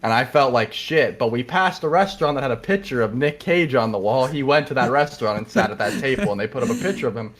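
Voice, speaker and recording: A young man streamer telling a funny personal story in casual, animated, profane talk, often breaking into laughter. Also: medium pitch, quick pace, hardly any pauses.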